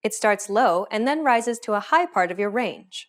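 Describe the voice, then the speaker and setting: A woman reading a scripted pronunciation lesson in a clear, explanatory manner. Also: medium pitch, lively intonation, fairly quick. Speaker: language teacher. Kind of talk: scripted instructional narration.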